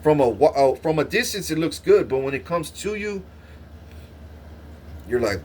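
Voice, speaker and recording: A man's voice: a little high, sing-song, normal speed, pauses often, a little mellow, a little hiss or hum. A young man telling a long rambling story to his stream, swearing constantly, laughing and restarting his sentences. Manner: profane, rambling, laughs often, stammers and restarts. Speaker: livestreamer.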